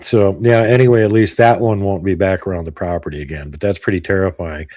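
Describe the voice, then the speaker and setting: A man chatting casually as a co-host, calm and with dry humor. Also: low voice, fast, no echo. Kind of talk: casual chat.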